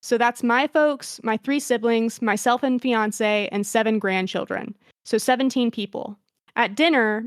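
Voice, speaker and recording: A young woman hosts a podcast with a slightly raised pitch. She reads listener stories and then chats with wry, self-mocking humor. The sound is close and dry. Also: clear, resonant tone, no echo. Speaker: podcast host. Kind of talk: reading a listener's story aloud, then casual chat.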